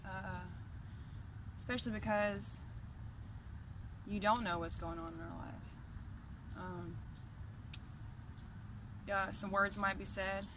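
A woman's voice: mid-range voice, a bit bright, a little hiss or hum. A woman at home, ranting angrily and profanely to her camera in a heated, repetitive, confrontational way. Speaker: vlogger. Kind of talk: angry direct-to-camera rant.

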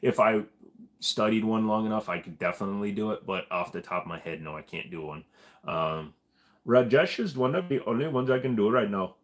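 A man's voice: lowish voice, fairly quick. A man hosting a live stream, answering viewer questions in a blunt, profane, casual way.

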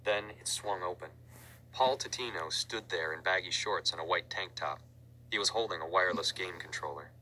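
A man narrating a storybook aloud in a steady storytelling manner. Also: deep voice, moderate pace, slight background noise, rough recording. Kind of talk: audiobook reading.

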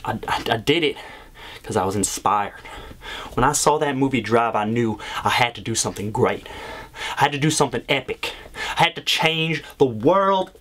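An actor playing an unhinged young man obsessed with a movie star, in a comedy sketch monologue, lurching from low profane mutters to shrill outbursts. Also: fairly bright tone.

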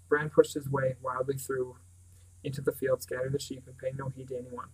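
A man's voice: mid-range voice, little pitch movement, fairly quick, slightly rough, rough recording. A man reading a novel aloud as narrator, now and then stumbling and restarting words. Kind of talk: audiobook reading.

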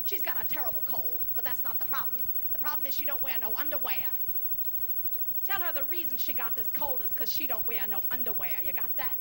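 A singer and comedian in her forties jokes bawdily during a live concert on a large hall stage, brassy and teasing throughout. Her fairly high, animated voice moves fairly quickly. Music plays in the background of a low-quality recording.

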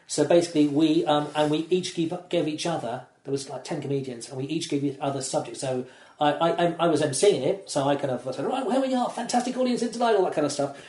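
Fast-talking man telling comedy stories. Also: on the high side, steady tone, darkish tone. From England. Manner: rambling storyteller, acts out voices in quotes. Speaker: comedian guest. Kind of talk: casual podcast chat, anecdotes. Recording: roomy echo.

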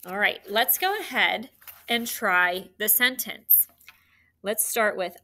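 A woman teacher giving a recorded phonics lesson to third graders, speaking clearly and encouragingly. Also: mid-range voice, animated, slow pace, sharp tone.

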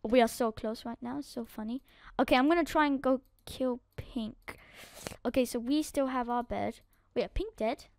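A woman narrating her game play as she goes, excitable, swinging from quiet muttering to loud outbursts. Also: on the high side, moderate pace, vocal fry, no echo. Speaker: gaming YouTuber. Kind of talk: live game commentary.

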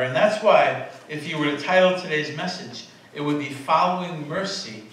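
A man with a fairly high, slightly bright voice preaches in a casual, chatty manner, animated and at a moderate pace with few pauses, often correcting himself and sharing laughing asides with the congregation. He's captured from a distance in a very reverberant church sanctuary, with faint room noise in the background.

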